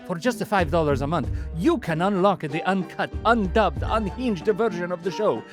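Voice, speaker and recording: A man doing a hushed, dramatic horror-promo narration in a mock Italian accent over music. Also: high-pitched, normal speed, pitched above the performer's own voice, lightly acted. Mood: teasing. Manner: hushed, dramatic, suspenseful delivery. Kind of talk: comic ad read.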